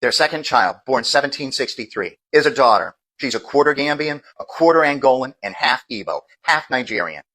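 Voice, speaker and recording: A man from the United States giving a measured, lecturing monologue that builds its argument step by step. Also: mid-range voice, expressive, pushed and bright, low-quality recording. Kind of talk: explanatory monologue clip.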